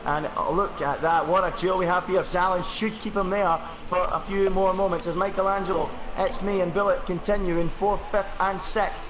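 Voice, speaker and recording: A man's voice: high-pitched, normal speed, hardly any pauses, background noise. A man giving play-by-play commentary on an online racing game and quizzing his co-host. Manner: steady play-by-play, asks co-host questions. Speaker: lead race commentator.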